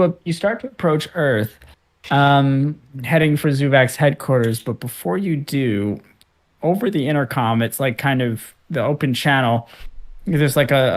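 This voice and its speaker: Male game master, casual rambling narrator, middle pitch, lots of ums. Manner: rambling, many fillers and restarts. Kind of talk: narrating a tabletop game over a call.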